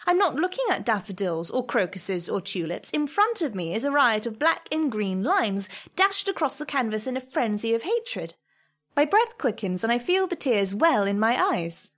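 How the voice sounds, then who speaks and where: A woman narrates a first-person story in a soft, measured, reflective voice. She sits a little higher in pitch than most women and keeps an even, unhurried delivery.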